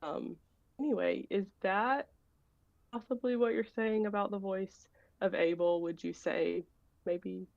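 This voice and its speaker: A woman's voice: medium pitch, unhurried, creaky, no room sound. A woman on a video call tells a rambling, hesitant story to ask a question. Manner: rambling, hesitant, many fillers and restarts. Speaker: caller asking a question. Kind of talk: casual personal story. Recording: dull, dry, lo-fi call audio.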